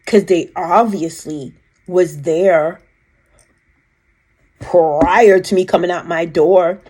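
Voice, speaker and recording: A woman telling a personal story in a casual, animated way, emphatic and rambling with restarts. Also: on the low side, takes it slowly, slightly rough, low-quality recording. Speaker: vlogger recounting a personal experience.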